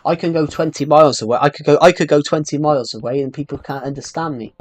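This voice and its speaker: Young British man, thick rhotic accent. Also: a little high. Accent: strong rhotic British regional. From United Kingdom. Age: young adult. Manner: deliberately slow, many restarts. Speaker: game streamer. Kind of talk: casual live-stream chat while gaming.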